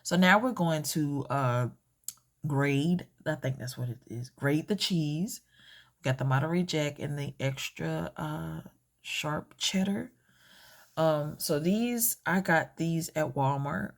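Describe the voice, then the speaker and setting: Slow, gravelly woman in a cooking tutorial. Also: low-pitched. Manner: hesitant, self-correcting, many fillers. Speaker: home cook.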